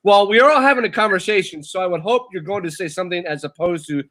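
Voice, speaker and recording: A man's voice: high-pitched, fast, a bit bright. A man co-hosting a casual chat, reading out a list with dry sarcastic remarks.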